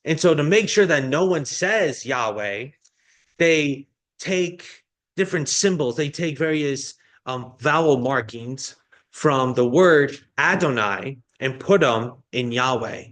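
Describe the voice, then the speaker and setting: A man's voice: medium pitch, animated, slow pace, fairly bright tone. A male pastor delivering a sermon, explaining a Bible passage in a teaching manner with frequent restarts.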